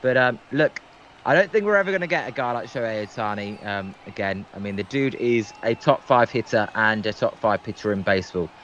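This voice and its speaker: A man's voice: on the low side, lively intonation, fairly quick, fairly bright tone, muffled recording, a little hiss or hum. A man calling baseball play-by-play on a livestream, hesitant and full of filler ums. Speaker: guest play-by-play commentator.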